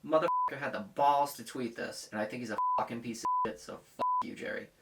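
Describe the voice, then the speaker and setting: A man's voice: medium pitch, quick pace, noisy background. A man in his thirties delivering a heated, profane, blunt rant as a vlogger. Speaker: comics vlogger. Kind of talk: casual ranting monologue.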